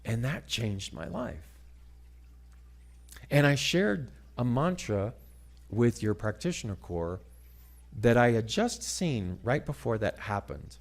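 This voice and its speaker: A middle-aged man giving a sermon-style talk, telling a story dramatically and moving between loud passages and hushed ones. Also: mid-range voice, very animated, slow pace, gravelly, long pauses. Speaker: guest speaker.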